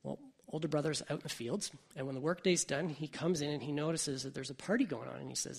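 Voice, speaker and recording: Male pastor, chatty sermon style, raspy voice with gravel, pitch a touch high. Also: quick pace, hardly any pauses. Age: adult parent. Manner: conversational, thinking aloud with frequent "like" and "right?".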